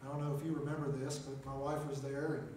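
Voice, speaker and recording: A man's voice: medium pitch, flat delivery, fast talker, a little mellow, a little hiss or hum. A middle-aged man preaching a personal testimony in a small chapel, in a plainspoken storytelling way with frequent "uh"s. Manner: plainspoken storyteller, many "uh" and "make a long story short". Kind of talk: testimony sermon. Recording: echoey chapel, mic at a distance.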